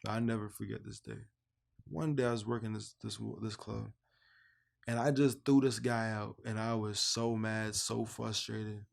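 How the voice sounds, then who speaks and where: A young man from Canada telling his own life story in a casual, lively way, acting out the remembered dialogue. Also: unhurried, vocal fry. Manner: animated storyteller who acts out both sides of remembered dialogue in a higher voice. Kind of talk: casual personal testimony.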